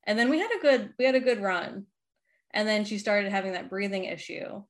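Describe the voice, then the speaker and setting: A woman's voice: mid-range voice, brisk. Chatty woman in her thirties from Boston. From Boston area, Massachusetts. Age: 30s. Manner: chatty, laughs often, many "like" fillers. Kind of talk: casual chat.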